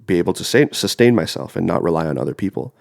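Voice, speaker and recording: A man's voice: deep voice, expressive, quick pace, creaky, a little mellow. A young man in his twenties with a cold that leaves him congested, chatting casually and rambling as a podcast co-host. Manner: rambling, filler-heavy. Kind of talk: casual chat.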